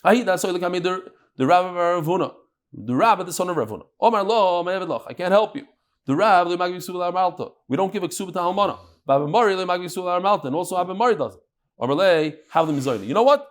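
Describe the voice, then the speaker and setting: Male Talmud teacher, high voice, animated classroom delivery that mixes in Aramaic terms. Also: fast. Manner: lively, mixes Hebrew-Aramaic terms into English, jokes with listeners.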